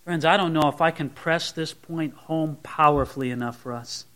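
A male pastor preaching a sermon in an animated way, acting out scenes with shifting voices. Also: a little high, normal speed.

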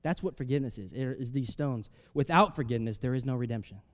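A man's voice: mid-range voice, quick pace. Man preaching a casual, emphatic sermon. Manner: conversational, with sudden loud emphatic rises and soft drops; reads scripture aloud, then explains it casually with fillers.

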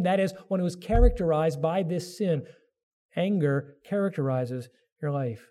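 Earnest preaching man, warm low tone. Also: moderate pace. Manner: earnest preaching, voices biblical figures with rising pitch. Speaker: pastor. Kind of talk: sermon.

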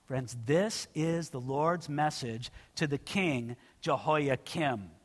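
A man's voice: fairly high pitch, takes it slowly. A man preaching an expository sermon in a church, earnest and direct, often calling his listeners friends. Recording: long reverb of a large hall.

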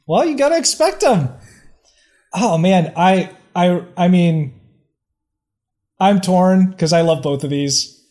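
A man's voice: high-pitched, expressive, slow pace, long pauses, darkish tone. A man co-hosting a casual comedy podcast, often stammering and restarting his sentences. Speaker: podcast co-host. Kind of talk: casual chat.

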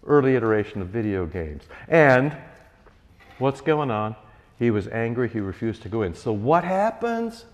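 A man giving a sermon as a pastor, animated and conversational, with wry asides. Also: medium pitch, moderate pace. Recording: reverberant church hall.

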